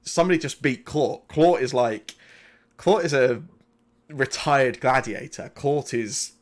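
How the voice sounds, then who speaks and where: A man in the game master's seat, telling the story of a tabletop session in a relaxed, rambling way. His voice sits at an ordinary middle pitch, and he pads his narration with casual fillers. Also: unhurried. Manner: loose, conversational narration full of fillers.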